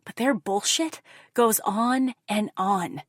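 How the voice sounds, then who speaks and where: A woman reads a dark first-person audiobook, her delivery intense, profane and confessional. Her voice sits at a middling pitch, and the recording is dry and close, with no room sound. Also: slow pace, dry recording. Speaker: audiobook narrator.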